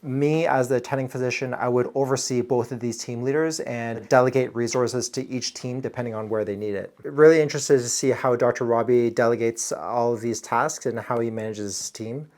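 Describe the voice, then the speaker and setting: A man's voice: medium pitch, steady tone, fairly quick, few pauses, a little mellow. A man in his thirties, an emergency physician, casually explaining hospital practice in an earnest, conversational way. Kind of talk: casual reaction commentary.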